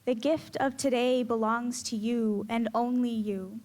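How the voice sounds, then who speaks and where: A teenage girl reading her own poems aloud in a measured, earnest way. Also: on the high side, steady tone, darkish tone. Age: teens. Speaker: student poet. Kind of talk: poetry reading.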